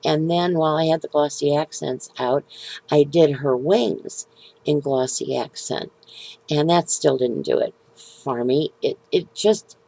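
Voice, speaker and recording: Middle-aged woman, card-making vlogger, low mellow voice, rambling and unsure, dry close sound. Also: gravelly, no echo, poor audio. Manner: hesitant, rambling, many ums and restarts. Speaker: papercraft video maker. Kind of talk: casual show-and-tell crafting talk.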